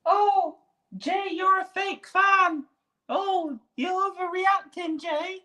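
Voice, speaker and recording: Shrill bright nagging fan voice, slow sneering taunts, put on by a man. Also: fairly even intonation, full character voice. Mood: mocking. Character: whiny mocking male fan, nagging and smug.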